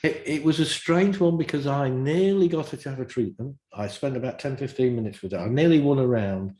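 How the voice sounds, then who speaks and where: A man, a guest practitioner, telling lively stories in casual chat and acting out the dialogue. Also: medium pitch, brisk, reverberant. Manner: animated, acts out dialogue in stories.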